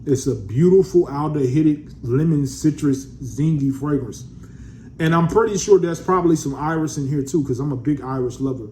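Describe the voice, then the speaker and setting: A man's voice: fairly high pitch, moderate pace, warm tone, a little hiss or hum. Laid-back man reviewing a fragrance. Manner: laid-back, slangy, calls viewers family. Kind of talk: casual vlog review.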